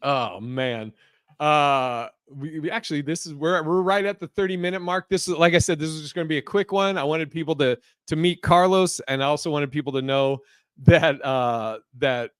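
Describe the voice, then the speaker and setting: A man's voice: fairly high pitch, normal speed, smooth, no echo, studio quality. A man hosting a podcast in loose, profane casual chat, laughing as he tells stories. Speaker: podcast host.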